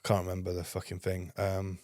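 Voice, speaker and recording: Podcast guest, young man, low-pitched and dry, swears constantly while he rambles through a story. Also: monotone, quick pace, a little mellow, no echo. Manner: heavy swearing, rambling anecdotes. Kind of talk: casual storytelling.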